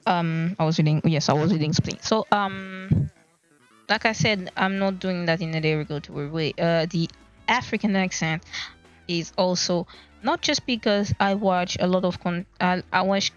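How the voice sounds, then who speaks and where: A woman's voice: lowish voice, moderate pace. Woman streamer chatting casually, rambling and searching for words. Muffled lo-fi sound, faint music underneath. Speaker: livestreamer. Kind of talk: casual livestream chat. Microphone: desk mic at a laptop. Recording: dull lo-fi stream audio.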